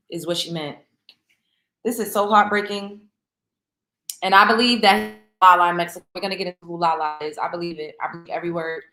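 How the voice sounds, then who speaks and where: A middle-aged woman hosts a casual celebrity gossip commentary, emphatic and opinionated, repeating points to stress them. Her lowish voice holds a steady tone and runs fairly quick, sounding pushed and bright. The recording has a roomy echo.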